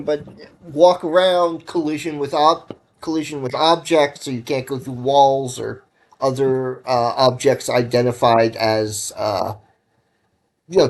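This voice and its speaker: A man casually talking while programming on a livestream, rambling and correcting himself as he gives advice, sounding a bit tired. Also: mid-range voice. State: tired, yawning. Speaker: livestreaming game developer.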